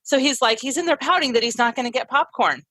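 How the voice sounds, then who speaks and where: A woman's voice: high voice, fast talker, pushed and bright, no room sound, low-quality recording. A woman speaking as a parenting educator in an interview, earnest and explaining her ideas through family stories. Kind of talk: conversational teaching in an interview.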